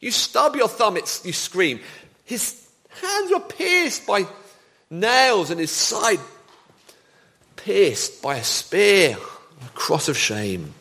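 A man preaching a sermon, his voice fairly high for a man and swinging widely in pitch. He leans hard on key words and throws rhetorical questions at the congregation. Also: very animated, takes it slowly, vocal fry, long pauses, bright, forceful tone. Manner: dramatic, varied emphasis, rhetorical questions.

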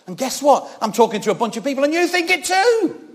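During a church service, a man preaches a sermon in a chatty way, tossing lots of tag questions to the congregation and alternating loud emphasis with quiet stretches. His voice is very high-pitched, and he is very animated and brisk.

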